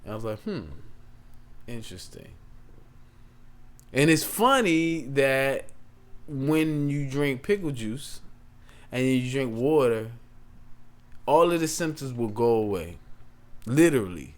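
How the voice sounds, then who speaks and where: A man talks through a tech tutorial in a loose, chatty way, drifting off topic before he comes back to it. His voice sits at an ordinary pitch, and his speech carries features. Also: lively intonation, measured pace, long pauses. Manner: chatty, rambling, digressive. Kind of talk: casual screen-share tutorial.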